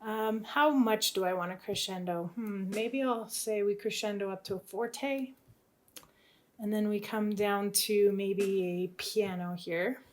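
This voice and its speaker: Relaxed woman teaching music theory. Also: medium pitch, measured pace. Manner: thinks aloud, tentative and relaxed. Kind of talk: talking through a composition demo.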